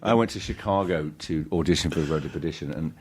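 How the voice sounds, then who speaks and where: A middle-aged man, a guest actor on a casual podcast interview, who tells stories in a halting, self-deprecating way, often restarting his sentences. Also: very deep voice, darkish tone, slight background noise.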